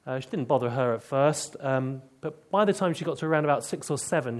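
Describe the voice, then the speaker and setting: A man preaching a sermon, telling stories and dropping to hushed tones to drive points home. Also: a little high.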